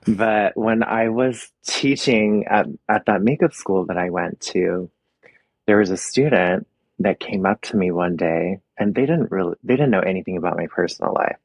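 A young adult man being interviewed, telling personal stories openly and with feeling, with soft laughs now and then. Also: low-pitched, measured pace, husky, no room sound. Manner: open, emotional storytelling with soft laughs. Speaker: guest, makeup artist. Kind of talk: casual interview.

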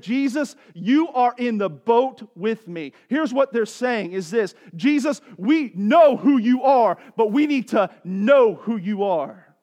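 A male pastor, preaching. His voice sits high for a man. He talks to the congregation like a friend and climbs into fervent, pleading passages. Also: darkish tone. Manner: casual, conversational preaching that swells to impassioned pleading. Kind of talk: sermon.

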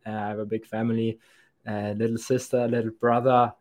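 A man's voice: lowish voice, little pitch movement, fairly quick, a little mellow. A young man with a thick German accent, a podcast guest chatting casually, often stammering and restarting his sentences. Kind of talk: casual chat.

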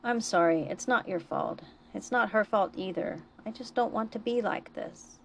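A woman's voice: mid-range voice, moderate pace, gravelly, lightly acted. Reader-voiced figure: woman doing subdued, hesitant young man, faint hiss behind. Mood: nervous. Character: troubled, nervous young male doctor.

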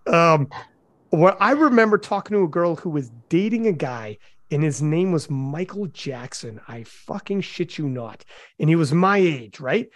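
A man telling profane, animated stories as a podcast co-host in casual chat. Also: fairly high pitch, measured pace, no room sound.

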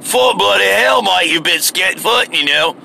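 An American man putting on a mock British accent to play a crude, shouting bloke on an audio app. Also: sits high, lively intonation, a little slow, gravelly, slight background noise, pitched above the performer's own voice, exaggerated voice. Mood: aggressive mocking. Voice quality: loud, coarse, swearing.

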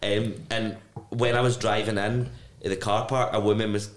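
Glaswegian man, comedian guest, quick animated storytelling, lowish voice, roomy echo. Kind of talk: casual anecdotes.

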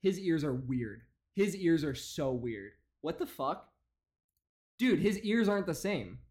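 A man's voice: a little high, big pitch swings, darkish tone. Profane young man ranting mockingly. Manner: profane, mocking, rapid-fire rants. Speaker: reaction commentator. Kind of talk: casual reaction commentary.

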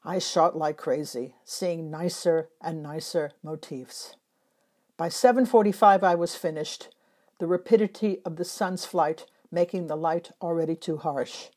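A woman from Northern Europe reads her travel memoir aloud in a calm, measured way. Her voice sits fairly low and sounds mellow and warm. She is a photographer recalling her trips, and the reading is unhurried and reflective. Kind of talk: scripted first-person travel narration.

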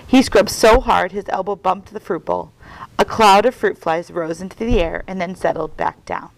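A woman's voice: mid-range voice, moderate pace, vocal fry, a little hiss or hum, low-quality recording. A woman reading a children's novel aloud as a guest reader, telling it expressively. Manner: expressive storytelling.

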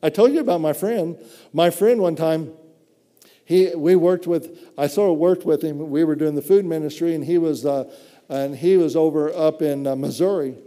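A man's voice: fairly high pitch, normal speed, dark tone, in a large hall. A man preaching a sermon with fervent, frequent cries of praise between phrases.

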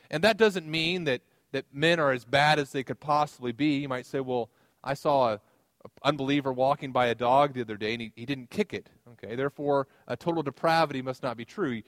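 A man's voice: on the high side, dry recording. Man preaching a conversational sermon. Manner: conversational preaching with personal anecdotes and light humor. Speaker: pastor.

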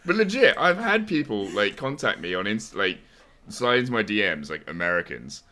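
A man's voice: fairly low pitch, sing-song, normal speed, very noisy. A man hosting a casual podcast chat, talking with a sore throat and telling stories with easy laughter. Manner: laughs easily, tells stories. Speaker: podcast host.

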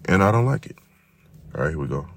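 A very deep-voiced man hosts a podcast on his own. He talks loosely and profanely, rambling along and stretching words out in long repeated runs. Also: expressive, a little hiss or hum. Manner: profane, rambling, drawn-out repetitions. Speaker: podcast host. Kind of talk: casual monologue.

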